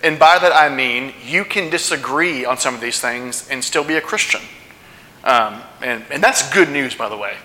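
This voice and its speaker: Pastor preaching in a reverberant hall. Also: male voice, mid-range voice, normal speed, bright, forceful tone. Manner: conversational, asks the congregation questions. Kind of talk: sermon. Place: church sanctuary. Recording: long church hall reverb.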